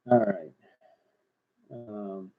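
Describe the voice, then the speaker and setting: A man writing rap lyrics aloud, rapping short lines and then muttering quietly to himself between them. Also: fairly low pitch, huge pitch swings, very slow, gravelly. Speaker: rapper. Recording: tinny phone-like recording.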